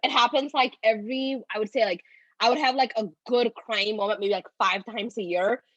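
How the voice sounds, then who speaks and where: A woman in her thirties talks as a podcast guest in loose, run-on phrases packed with "like". Her voice sits a little high, and the recording is close and dry. She sounds emotional and open. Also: fairly even intonation, fairly quick, fairly bright tone, dry recording, lo-fi sound. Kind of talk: casual conversational storytelling.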